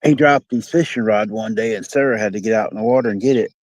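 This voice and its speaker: A man's voice: on the low side, fast, a little mellow, dry recording, low-quality recording. A man with a Midwestern American accent chatting casually to his live-stream viewers while fishing outdoors by a dock, rambling and folksy, reading out comments. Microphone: phone.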